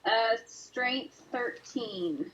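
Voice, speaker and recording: A woman's voice: a little high, expressive, drawn-out words, highs cut off, background noise. A woman player in a tabletop game, hesitant as she checks the rules aloud.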